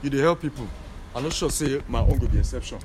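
A man's voice: medium pitch, fast, noisy background. A Nigerian man, apologetic and sheepish, begging forgiveness from a former partner. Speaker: ex-boyfriend apologizing. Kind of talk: emotional street confrontation.

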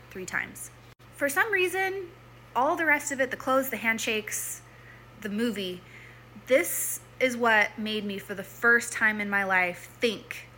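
A woman's voice: a little high, unhurried, bright, forceful tone, a little hiss or hum. A young woman telling a personal story in a chatty way, full of "like" and "um", often acting out her own past thoughts. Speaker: former church member telling her story.

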